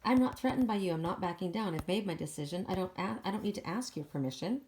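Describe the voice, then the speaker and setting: A self-assured warrior woman who rides a dragon, as a woman speaks for her in an oracle card reading. She scoffs at threats and stays defiant in a lowish voice. She sounds entirely unbothered. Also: lively intonation, fast, a little mellow, a little hiss or hum.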